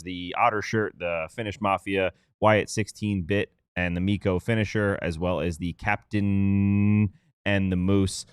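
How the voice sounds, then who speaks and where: A man's voice: fairly low pitch, clear, resonant tone, no room sound, clean studio sound. A man co-hosting a sports podcast, reading sponsor promos in a loose, joking way. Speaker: podcast co-host reading ads. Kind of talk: casual podcast chat and ad read.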